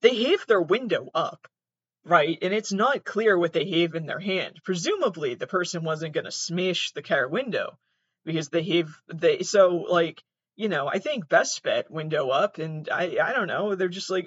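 With lively intonation and a fairly bright, higher voice, a man hosting a podcast comments casually on online clips at a moderate pace. His reactions ramble, with plenty of swearing, exasperation and restarts. The audio is dry, dull and muffled, with no room sound.

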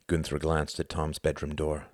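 A man narrating an audiobook in a steady, even reading voice. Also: very deep voice, moderate pace, no echo, clean studio sound.

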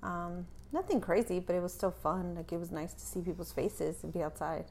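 A woman's voice: on the low side, brisk, darkish tone, slight background noise. Teasing young woman on a podcast. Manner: teasing, laughs often. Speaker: podcast co-host. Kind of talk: casual chat.

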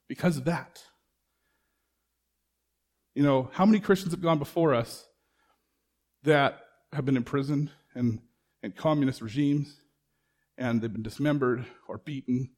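A man's voice: medium pitch, a little mellow, slightly rough. A man preaching a sermon in a conversational way, asking the congregation rhetorical questions and acting out bits of dialogue. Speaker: pastor.

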